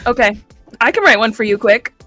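A woman's voice: on the high side, animated, brisk, pushed and bright, faint music behind. A woman guesting on a casual live stream, giggling through her words. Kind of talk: casual livestream chat.

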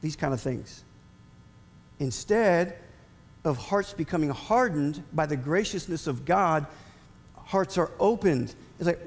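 A man preaching a sermon as pastor, animated with emphatic rising asides. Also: fairly high pitch, takes it slowly, vocal fry, pauses often, in a large hall.

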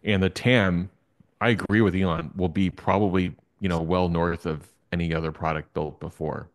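A male guest in a casual interview chat, explaining his views in a measured way. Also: sits low, fairly even intonation. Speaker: guest analyst.

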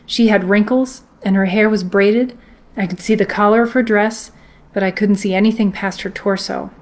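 Woman reading as a sleepy middle-aged mom, insistent, slightly raised pitch, storybook quote. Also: steady tone, moderate pace, a little mellow, lightly acted. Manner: half-asleep and matter-of-fact, then urgent.

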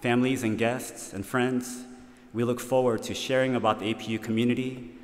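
A man hosting a university welcome event, speaking in an earnest, measured way and leading a spoken prayer. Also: mid-range voice, little pitch movement, big-room sound.

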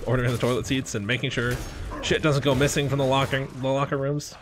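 A man's voice: medium pitch, level tone, fast, noisy background. A young man casually telling a rambling story while playing a game, cursing and muttering at the game. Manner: profane, rambling, frustrated asides to the game. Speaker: gaming channel host. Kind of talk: casual gameplay commentary with storytelling.

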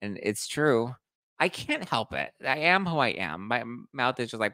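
A man hosting a reality TV gossip podcast in a sassy, animated, self-deprecating way. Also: mid-range voice, moderate pace, no echo. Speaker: podcast host. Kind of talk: casual reality TV gossip recap.

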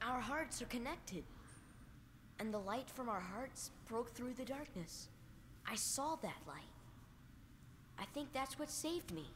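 An actress voicing a gentle, hopeful teenage girl in a video game cutscene, speaking softly and earnestly. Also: on the high side, animated, slow pace, pauses often, background noise. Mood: tender, earnest. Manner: soft and earnest. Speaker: game character.

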